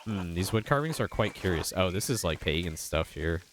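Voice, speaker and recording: A man's voice: low voice, animated, moderate pace, a little hiss or hum. A young man streaming a story game, chatting casually with playful, chuckling asides and reading the dialogue aloud.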